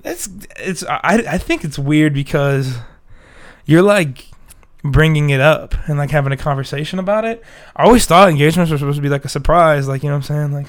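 A young man chats loosely into a desk mic as a podcast co-host, cursing freely and laughing between thoughts. His voice sits a little high and rings bright and forward. He sounds a bit under the weather. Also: fairly quick. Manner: profane, joking, laughs often. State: sick. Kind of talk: casual chat.

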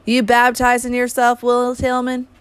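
A woman's voice: a little high, completely flat delivery, measured pace, clear, resonant tone, no room sound, voice pushed up, lightly acted. Teasing bold girl, voiced by a woman.

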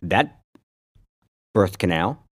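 Deep-voiced rambling man in his fifties. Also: lively intonation, drawn-out words, husky, no room sound, studio quality. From upstate New York. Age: 50s. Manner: chatty, rambling storyteller with frequent fillers. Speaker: podcast co-host. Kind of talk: casual chat.

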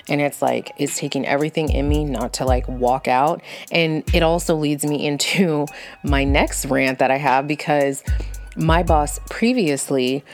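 Woman vlogger, low-pitched, fired-up and foul-mouthed rant, soft music under. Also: steady tone, measured pace. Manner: blunt, profane, fired-up storytelling. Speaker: vlogger venting about work. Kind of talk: casual storytime rant.

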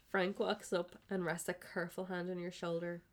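A woman podcast host with a lowish voice delivers a comic reading of fan fiction at a moderate pace. Her narration is flat, but she keeps bursting into laughter between scenes.

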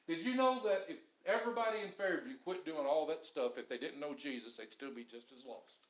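A man's voice: a little high, lively intonation, fairly quick, hardly any pauses, a bit bright. A middle-aged man preaching a sermon, telling stories earnestly and landing points with emphasis. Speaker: pastor. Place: church sanctuary. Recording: roomy church echo.

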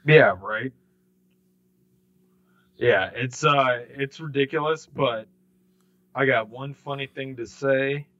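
A man, co-hosting a sports podcast in casual chat, animated and mimicking people in quick bursts. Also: medium pitch. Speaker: podcast co-host. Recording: slightly dull lo-fi sound.

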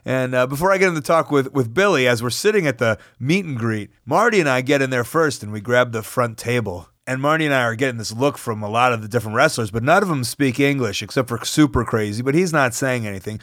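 A man hosting a podcast who tells a story in an animated, self-mocking way and swears freely. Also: mid-range voice, fast talker, hardly any pauses, no echo, studio quality. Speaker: podcast host. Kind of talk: storytelling monologue.

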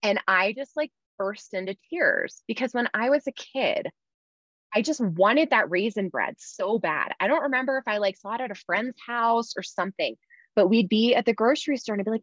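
On a casual podcast, a woman with a fairly bright, higher voice talks animatedly at normal speed. Candid and chatty, she fills her speech with "like," captured in a slightly dull, dry recording.

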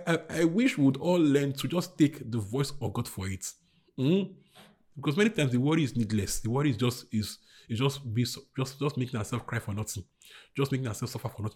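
Fervent male pastor preaching. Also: medium pitch. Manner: fervent preaching, repeated hallelujahs, urging the congregation to repeat; swings between soft confiding and loud declaring. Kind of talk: sermon.

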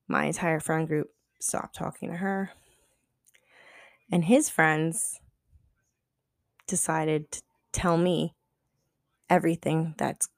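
A woman's voice: lowish voice, vocal fry, no room sound, clean studio sound. A woman podcast co-host telling a casual story, chatty and profane, full of "like" and acted-out quotes. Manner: chatty, profane, heavy use of "like"; acts out quoted dialogue.

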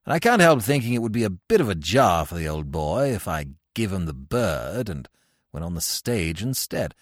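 A man's voice: low voice, sing-song, normal speed, dry recording, clean studio sound, voice pushed down. A man voicing a foolish, cheerful young English toff with a plummy upper-class drawl. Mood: chummy.

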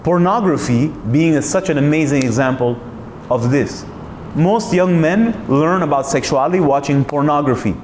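A man's voice: a little high, moderate pace, a little mellow, roomy sound, slight background noise. A man hosting a talk, speaking in an emphatic, searching way, full of rhetorical questions and restarts. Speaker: host. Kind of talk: reflective monologue.

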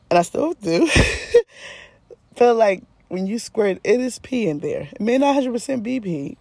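A woman's voice: medium pitch, gravelly, no room sound. Give me a frank woman podcast host chatting casually, laughing often, in a dry, dead room. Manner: frank, laughs often, swearing, animated asides. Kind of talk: candid casual storytelling.

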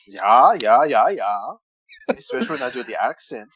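A man's voice: medium pitch, sing-song, moderate pace, fairly bright tone, breathy edge, highs cut off. A man co-hosting a wrestling podcast in casual chat, joking and teasing, often stumbling over names. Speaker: podcast co-host.

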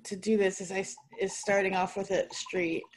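A woman's voice: medium pitch, level tone, normal speed. A woman hosting a casual chat who reads tasting notes aloud, swears freely and stumbles over hard words. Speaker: podcast host.

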